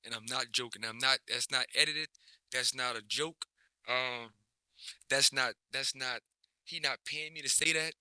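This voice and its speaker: A man's voice: medium pitch, unhurried, clean tone, no echo. Laid-back man rambling with restarts. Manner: relaxed, rambling, many restarts and slang. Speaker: basketball coach, guest. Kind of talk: casual interview chat.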